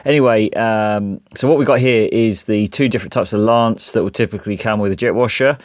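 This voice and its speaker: A man's voice: fairly low pitch, fairly quick, no echo, clean studio sound. A man explaining a decorating job in a practical, plain-spoken DIY tutorial.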